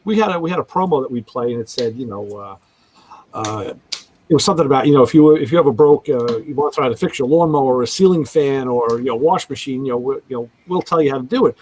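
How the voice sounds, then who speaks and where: A man's voice: mid-range voice, fast, a little hiss or hum, rough recording. A man hosting a casual radio talk show, telling stories and acting out callers' voices. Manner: animated storyteller, acts out callers' voices.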